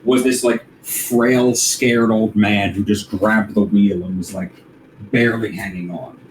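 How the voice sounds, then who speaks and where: A man's voice: lowish voice, steady tone, unhurried, echoey room, a little hiss or hum, poor audio. A man playing in a tabletop game, chatting casually and plotting his moves. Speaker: player.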